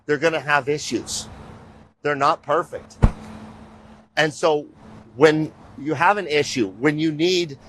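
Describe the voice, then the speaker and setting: A man's voice: fairly high pitch, slow, pauses often, background noise. A middle-aged man hosting a show, talking casually and with energy to viewers as he walks them around. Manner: animated and rambling, often addressing viewers as "you guys". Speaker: show host. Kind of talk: casual walking-tour talk to viewers.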